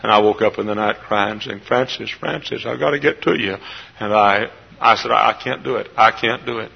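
A middle-aged pastor with a husky, somewhat low voice delivers a heartfelt sermon in a church. He rises to loud, emotional peaks and then falls back to quiet, confiding storytelling. The recording is a dull, lo-fi sermon tape. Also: fairly quick. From Texas. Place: church sanctuary.

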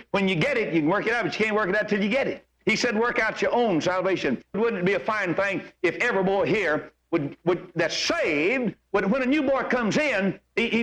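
A man's voice: high-pitched, fairly bright tone. An older man preaching a sermon, folksy and exhorting, full of homespun stories.

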